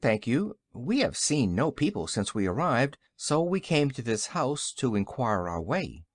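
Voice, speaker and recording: A man voicing a sober, courteous old wizard in a storybook reading, a bit lower than his narration. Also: big pitch swings, measured pace, no room sound. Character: sober, polite elderly male wizard.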